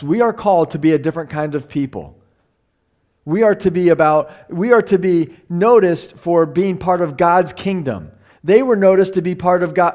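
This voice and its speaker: A man's voice: a little high, a little mellow. A middle-aged man teaching a Bible class in a chatty, conversational way, often repeating himself and asking the room questions.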